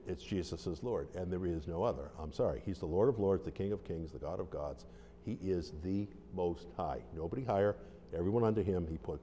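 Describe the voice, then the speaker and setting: A man's voice: low voice, warm tone, lo-fi sound, slight background noise. A man who is a deliverance minister, giving an informal, conversational teaching talk with restarts and stories. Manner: conversational, rambling, with restarts and acted-out quotes. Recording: long hall reverb.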